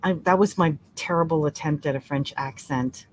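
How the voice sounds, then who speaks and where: A woman leading a relaxed crochet-along tutorial, chatting and laughing, counting stitches aloud softly. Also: low voice, a little slow, few pauses, slight background noise. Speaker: crochet teacher. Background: soft relaxing music.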